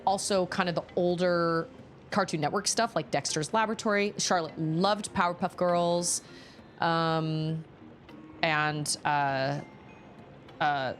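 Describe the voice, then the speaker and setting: A woman's voice: on the low side, fairly bright tone, a little hiss or hum. A woman in her thirties streaming a video game, chatting casually and rambling from one thought to the next. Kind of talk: casual chat while gaming.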